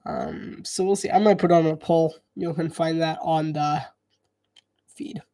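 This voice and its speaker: A man's voice: fairly high pitch, sing-song, unhurried, vocal fry, warm tone. A man calling a football game live in a casual, chatty way, thinking aloud and hedging with frequent restarts. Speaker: live sports commentator. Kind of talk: casual live play-by-play commentary.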